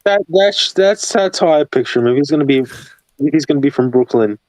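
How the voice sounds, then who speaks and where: A man's voice: a little high, expressive, a little fast, a little mellow, no room sound, low-quality recording. Laid-back young man, dry close sound. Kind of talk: casual chat.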